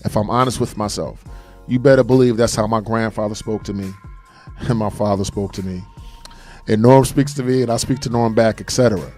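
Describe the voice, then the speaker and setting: A man's voice: fairly low pitch, brisk, a little mellow, faint music behind. Earnest man co-hosting a call-in show. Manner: earnest, emphatic, says "brother". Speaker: co-host. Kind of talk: casual call-in radio talk.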